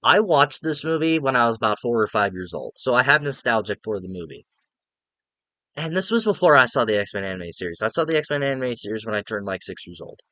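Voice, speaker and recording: A man's voice: mid-range voice, very animated, brisk, pushed and bright, no echo. Young guy ranting about a movie, swears a lot, says like constantly, dead dry recording. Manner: profane, exasperated, rambling with lots of "like". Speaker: movie reviewer. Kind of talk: casual movie review rant.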